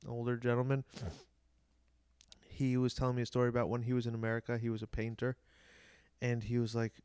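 Giggly guy, smooth clear voice, dry close mic. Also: mid-range voice, monotone, fast talker, darkish tone, no echo. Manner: giggly, laughs often. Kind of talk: casual podcast chat.

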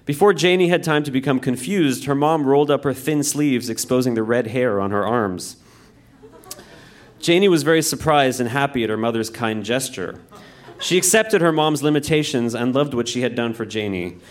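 A man reading his own childhood story aloud to a live audience, in a deadpan, mock-dramatic manner. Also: mid-range voice, normal speed. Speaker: reader. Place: live show in a music venue.

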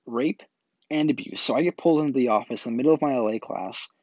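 A man tells a personal story in a loose, rambling way, restarting sentences and leaning on filler words. His voice sits at an ordinary middle pitch. The recording is dry and a bit dull and lo-fi. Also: fast talker, darkish tone, no echo. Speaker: vlog host telling a personal story. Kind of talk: casual storytelling.

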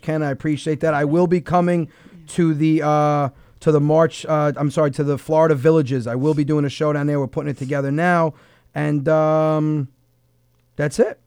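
A man's voice: on the high side, darkish tone, smooth, no echo, studio quality. A man hosting a comedy radio show, rambling casually through his list of upcoming tour dates. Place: radio studio.

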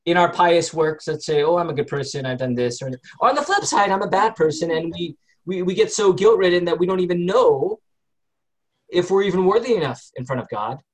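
A man's voice: sits high, brisk. Man leading a chatty Bible study. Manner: conversational, asks the group questions, many fillers.

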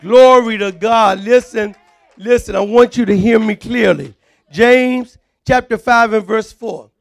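A man preaching a fervent sermon, often shouting and calling on the congregation to respond. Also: high voice, unhurried, gravelly.

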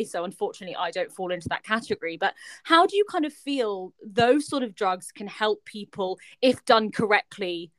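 A woman's voice: mid-range voice, a bit bright, no room sound. A woman hosting an interview, asking curious questions with hedging fillers. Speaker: interviewer host.

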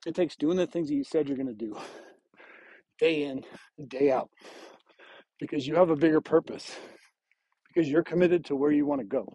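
A man's voice: fairly high pitch, normal speed, pauses often, mellow, slightly rough, no room sound, rough recording. A man hosting a podcast, talking outdoors at night while walking hills with a weighted vest, out of breath, earnest and rambling with restarts. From Oregon. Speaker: podcast host. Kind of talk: motivational faith talk.

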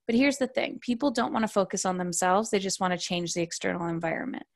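A woman's voice: mid-range voice, fast talker. A woman in her thirties, a parenting coach, talking casually in a podcast interview and acting out quoted voices as she tells stories.

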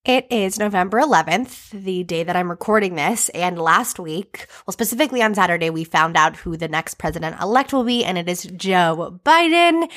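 A woman's voice: lowish voice, lively intonation, moderate pace, few pauses, a bit bright. A young woman hosting her own podcast, chatting casually and rambling with lots of fillers and self-deprecating asides. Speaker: podcast host. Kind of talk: casual solo podcast chat.

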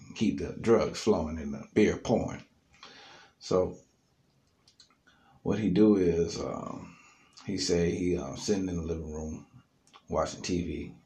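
A man casually telling a story on his podcast, loose and animated, with plenty of fillers, recorded alone in an echoey studio room. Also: low voice, gravelly.

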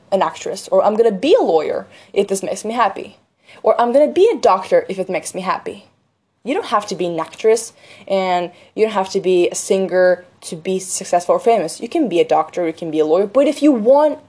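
Teen girl just talking, earnest and chatty, warm mellow voice, lots of "you know". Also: mid-range voice. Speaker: student sharing advice. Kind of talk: casual monologue.

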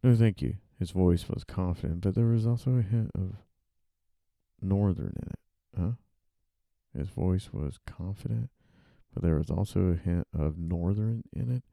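A man, an author, thinks aloud while drafting and typing in a dark room, muttering, rereading and correcting himself. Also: low voice, measured pace, creaky, no room sound.

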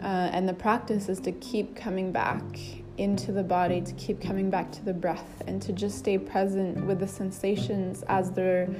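A woman yoga teacher speaking gently and calmly in a reflective monologue, with an occasional restart. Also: medium pitch, normal speed, music in the background.

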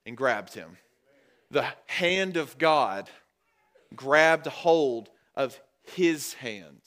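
A man's voice: fairly high pitch, big pitch swings, takes it slowly, long pauses. Man preaching a conversational sermon. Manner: conversational preaching, addresses the congregation as guys; rises and gets louder when driving a point home. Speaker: pastor. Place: church.

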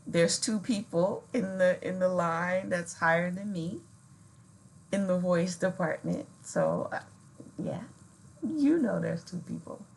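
A woman's voice: lowish voice, slow pace, gravelly, a little mellow, rough recording. A middle-aged woman in casual chat, telling stories and acting out what people said. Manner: chatty storyteller acting out quoted dialogue. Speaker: co-host.

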